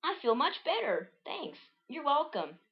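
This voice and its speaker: A woman doing a squealy, excitable young heroine. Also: unhurried, exaggerated voice. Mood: cheerful. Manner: high squealy protests. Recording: dull lo-fi recording.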